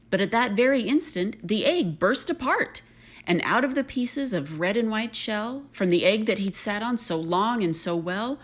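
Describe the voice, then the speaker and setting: A woman reading a rhyming children's picture book aloud, expressive and rhythmic. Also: mid-range voice. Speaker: reader.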